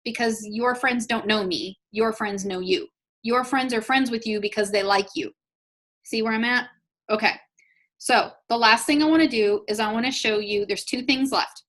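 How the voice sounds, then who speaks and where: A woman's voice: on the high side, normal speed, fairly bright tone. A woman leading a live online business training, chatty, upbeat and encouraging, talking straight to her audience. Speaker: network marketing trainer.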